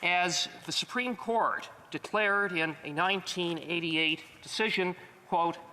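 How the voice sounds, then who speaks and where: Bright-voiced politician in an echoing chamber. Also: male voice, high-pitched, measured pace, a little hiss or hum. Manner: formal, emphatic debating tone. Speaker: member of parliament. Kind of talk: formal parliamentary speech. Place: legislative chamber.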